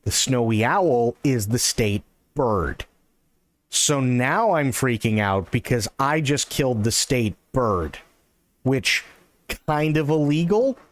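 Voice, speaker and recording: A man streaming live, telling a long personal story in an animated, excitable way and swearing often. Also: mid-range voice, slow. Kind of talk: casual storytelling.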